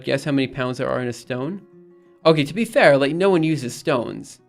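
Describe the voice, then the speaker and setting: A man's voice: medium pitch, brisk, vocal fry, soft background music. A young man rambling in casual live-stream chat, reading messages aloud and repeatedly insisting things are fine. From United States. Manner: rambling, reads chat aloud, exasperated but reassuring.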